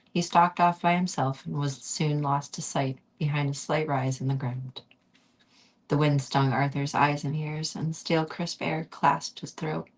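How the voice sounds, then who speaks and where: A woman streamer chatting softly with viewers, sometimes whispering, then reading a novel aloud in a calm, unhurried way. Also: low-pitched. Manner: soft-spoken, drifting into whispers. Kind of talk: casual chat and book reading on a stream.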